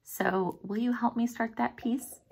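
A woman teacher slowly and gently walking young pupils through a writing lesson, often dropping into a soft near-whisper as she draws and spells. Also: a little high, fairly even intonation, gravelly, slightly rough. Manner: slow, gentle, talks directly to young pupils. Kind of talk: children's writing lesson, drawing and thinking aloud.

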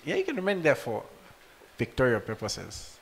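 A man preaching a sermon to a congregation, rising to loud emotional peaks and speaking directly to his listeners. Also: mid-range voice, huge pitch swings, normal speed, gravelly, slight background noise. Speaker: pastor.

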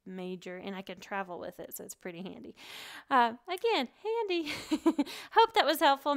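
Chatty woman with a smooth voice. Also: fairly high pitch. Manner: chatty and animated, laughs often. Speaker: online English teacher. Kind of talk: casual advice vlog.

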